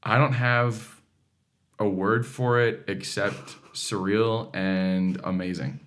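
Animated young man telling stories. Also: fairly low pitch, slow pace. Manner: enthusiastic storyteller, animated. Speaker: singer, talent show contestant. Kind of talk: interview guest.

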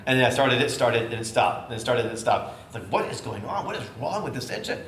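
Middle-aged male preacher, lively storyteller, acts out voices; roomy echo, faint hiss. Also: mid-range voice, fast. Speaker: bishop. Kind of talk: storytelling sermon. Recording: echoey room with faint noise.

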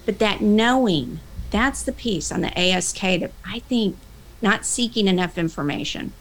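A woman workplace trainer giving a motivational talk, animated, acting out both sides of the conversations she tells. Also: mid-range voice, moderate pace, low-quality recording. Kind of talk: motivational talk with acted-out dialogue.

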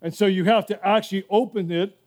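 A man's voice: high-pitched, steady tone, brisk, a little mellow. A male pastor preaching a sermon in a fervent, emphatic way, often repeating himself.

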